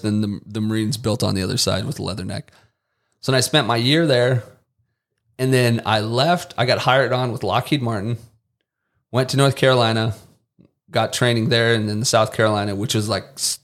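A man who served as a Marine and later worked as a contractor tells stories as a podcast guest, at medium pitch and normal speed. His telling is casual but animated, with quotes acted out loudly.

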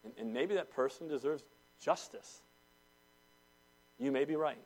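A man preaching a sermon to a congregation in a church, swinging between loud declarations and hushed intensity. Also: on the high side, animated, measured pace, gravelly. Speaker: pastor.

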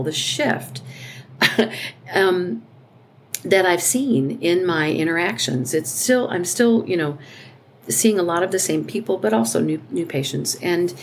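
Casting note: low-pitched woman, earnest heartfelt chat, faint noise in the background. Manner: earnest, halting, many restarts and fillers. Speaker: podcast co-host.

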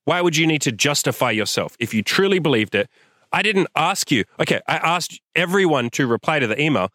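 This young man hosts a show, ranting at a listener with blunt, forceful, swear-filled motivation while filmed in the sunshine outdoors. His voice sits on the high side, animated and a little fast, recorded clean with no echo.

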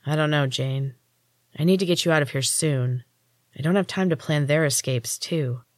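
A woman doing a hushed, low young man in a lab coat. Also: moderate pace, no echo, clean studio sound, close to an everyday voice. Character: soft-spoken young male helper in a lab coat, secretive. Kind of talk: audiobook character voice.

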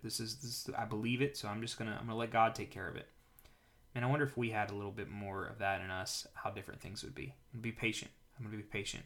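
A man hosting a daily Bible reading, reading passages aloud and paraphrasing them in a relaxed, conversational way. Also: lowish voice. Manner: conversational, paraphrases in casual speech. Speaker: podcast host reading scripture.

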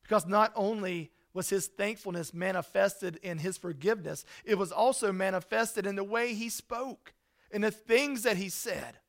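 A man preaching a sermon in an earnest way, rising to loud emphasis and dropping to soft, hushed lines. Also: sits high, moderate pace. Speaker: pastor.

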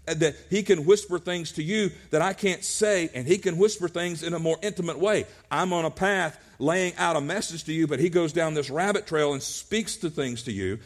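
A man's voice: fairly high pitch, moderate pace, few pauses. A male pastor preaching a sermon at a church service, earnest, often restarting his words.

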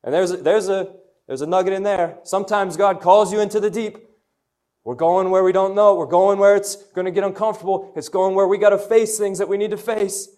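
A young man preaches an energetic sermon to young people with a slightly high voice. He tells personal stories and calls on the room to answer him. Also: a little fast. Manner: energetic, storytelling, call-and-response. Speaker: youth pastor.

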